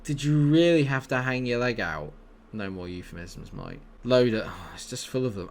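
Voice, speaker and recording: A man giving jokey commentary on his football management game, dropping to low mutters and rising to excited shouts. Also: normal speed. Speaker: gaming YouTuber.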